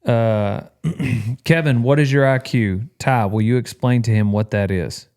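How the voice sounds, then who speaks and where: A man's voice: medium pitch, measured pace, a little mellow, clean tone. A man hosting a casual podcast chat with friends, joking and laughing as he talks. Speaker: podcast host.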